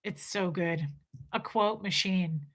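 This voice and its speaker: A woman's voice: lowish voice, slow. A woman hosting a livestream, chatting casually with viewers, reading their comments and gushing over favorite films. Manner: gushing and exclamatory, quoting film lines. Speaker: livestream host.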